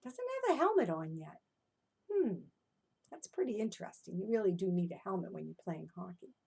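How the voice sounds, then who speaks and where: A woman reading her own animal rhymes to young children, animated and encouraging, often stopping to ask the listener questions. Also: lowish voice, a little fast, gravelly, slightly rough. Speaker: children's storyteller. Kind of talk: interactive storytelling for children.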